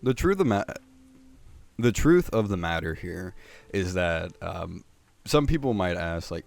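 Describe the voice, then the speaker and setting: A man's voice: deep voice, very animated, a little slow, creaky. A young man hosting casual anime commentary, rambling with many fillers and restarts.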